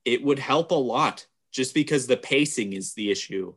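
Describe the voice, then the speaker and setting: A man in casual conversation about movies, recapping scenes with loud, animated exclamations and frequent laughter. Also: medium pitch, normal speed, breathy edge. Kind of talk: casual chat.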